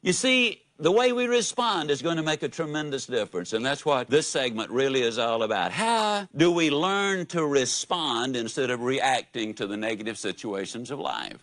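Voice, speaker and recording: A man's voice: mid-range voice, moderate pace, hardly any pauses, a bit bright, no room sound. A man giving a live motivational speech, telling folksy stories and asking the audience questions. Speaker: motivational speaker.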